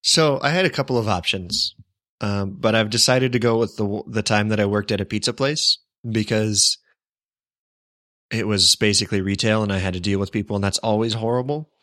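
A man's voice: on the low side, normal speed, fairly bright tone, no echo, clean studio sound. A young man telling a rambling story in a casual chat, wry and amused. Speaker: podcast co-host.

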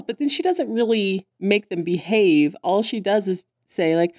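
A woman's voice: medium pitch, moderate pace, few pauses, darkish tone, no echo, clean studio sound. A woman co-hosting a casual podcast, recapping a cartoon and acting out the characters' lines in voices. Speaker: podcast co-host.

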